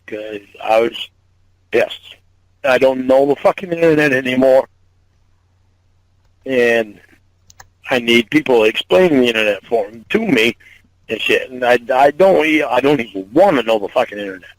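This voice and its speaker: A man's voice: mid-range voice, lively intonation, moderate pace, long pauses, no echo. A man on a phone call, agitated, swearing often and repeating himself.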